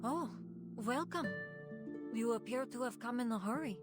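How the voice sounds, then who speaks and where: A woman playing a composed game character, German accent, polite, soft music under. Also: on the high side, moderate pace, natural voice.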